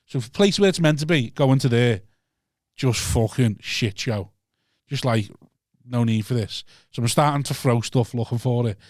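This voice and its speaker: A man with a Liverpool accent telling a sweary, animated story on a podcast, acting out his own shouting. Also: mid-range voice, moderate pace, dry recording, studio quality. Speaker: podcast co-host and stand-up comedian. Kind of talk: casual chat, storytelling rant. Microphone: studio mic.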